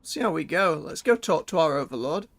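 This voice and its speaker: A man's voice: a little high, expressive, a little fast, no room sound. Chatty man streaming a game. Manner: chatty, thinks aloud, self-correcting. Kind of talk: casual game commentary.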